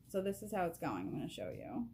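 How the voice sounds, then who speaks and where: A woman giving a casual spiritual card reading at a table, excitable and emotional, laughing often and speaking straight to the viewer through a camera propped on a box. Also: fairly low pitch, a little fast, vocal fry. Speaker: vlogger doing a card reading. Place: at a table indoors.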